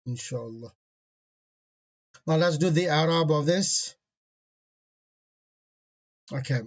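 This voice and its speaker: A man with a somewhat high voice leads an online grammar lesson, quizzing his students as he goes. The sound is dull and lo-fi, as if from a basic class call. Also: slow pace. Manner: asks the class questions, reads Arabic parsing terms. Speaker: Arabic grammar teacher.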